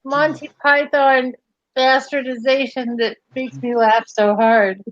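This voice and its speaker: High-voiced giggly woman, slow talker. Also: level tone, dull audio. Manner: enthusiastic, giggly, laughs often. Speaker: friend in group chat. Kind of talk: casual chat.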